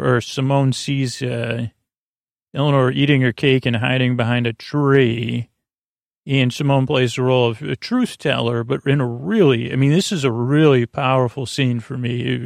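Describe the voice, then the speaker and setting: A man hosting a sleep podcast, giving a meandering, low-key, halting recap of a TV episode. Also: gravelly, no room sound, studio quality. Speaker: podcast host. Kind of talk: rambling bedtime episode recap.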